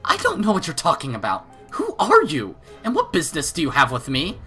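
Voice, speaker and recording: A man's voice: mid-range voice, expressive, a little fast, pushed and bright, soft background music. A man voicing a stern, proud middle-aged noblewoman who talks in an indignant, commanding, clipped way.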